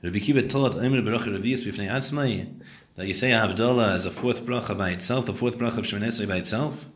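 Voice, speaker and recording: Low-voiced man teaching a Talmud class. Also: quick pace, reverberant. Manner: explains and translates Hebrew and Aramaic terms, questions his students.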